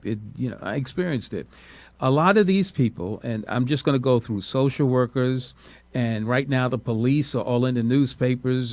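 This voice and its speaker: A man's voice: medium pitch, a little mellow, dry recording. A man from the United States hosting a call-in radio talk show, speaking in an earnest, encouraging way.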